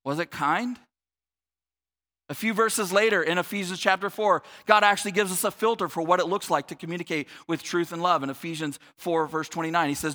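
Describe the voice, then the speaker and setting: A pastor in his forties delivers a sermon in a high, bright voice. He talks earnestly, doubling up words as he builds toward a point. At times he sinks into a soft, low tone to reflect. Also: fairly quick, in a large hall.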